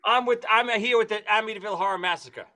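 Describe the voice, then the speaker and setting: A man telling a comic story among friends, acting out the voices of the people in it with shrill squeals. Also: quick pace, sharp tone. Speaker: podcast host telling a story.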